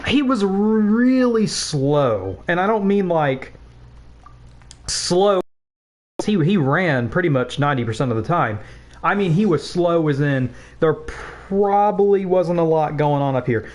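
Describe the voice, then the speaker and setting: A young man of about nineteen, a game streamer, chatting casually and telling a school story while he plays, rambling with swearing and laughing asides. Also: on the high side. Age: young adult, about 19.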